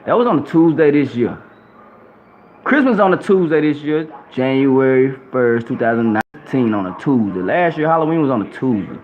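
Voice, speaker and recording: A man reads Bible verses and preaches profanely, dropping to low murmurs and rising to loud outbursts. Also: animated, normal speed. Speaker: self-styled preacher. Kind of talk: reading and preaching scripture to camera. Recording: tinny phone-like audio with faint background hum.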